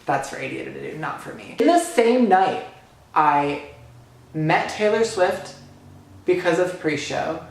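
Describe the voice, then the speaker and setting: A young man vlogger excitedly retelling a fan encounter story, gushing and breathless, full of fillers. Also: fairly high pitch, slow, creaky, long pauses. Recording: very echoey room.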